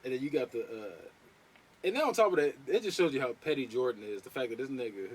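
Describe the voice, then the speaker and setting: A young adult man hosting a casual podcast chat, animated and quick to laugh. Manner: animated, laughs often, jumps into a high voice when quoting. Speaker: podcast host.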